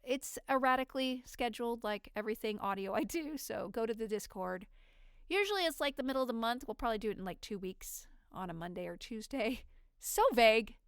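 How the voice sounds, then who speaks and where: A woman's voice: a little high, expressive, a little fast, smooth, dry recording, studio quality. A woman hosting her own podcast, chatting freely and at length in a rambling, unedited monologue. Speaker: podcast host. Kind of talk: casual solo monologue.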